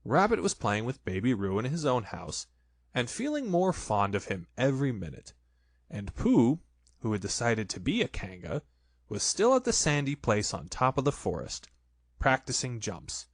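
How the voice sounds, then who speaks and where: A man's voice: mid-range voice, normal speed, dry recording. Guy reading a kids storybook, super sing-songy, dry close sound. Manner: expressive, lively. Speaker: narrator.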